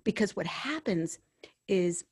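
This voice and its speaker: A woman's voice: fairly low pitch, lively intonation, slow, darkish tone, breathy edge, no room sound, studio quality. A woman working as a hospice and bereavement counselor, talking earnestly about faith and telling stories from her work. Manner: earnest, storytelling, spiritual. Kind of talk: conversational interview.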